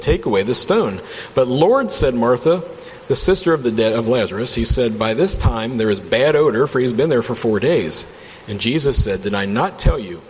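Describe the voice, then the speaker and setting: A man leading a casual Bible study from home, reading passages and commenting with enthusiasm in a conversational way. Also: medium pitch. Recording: long reverb, faint background hum.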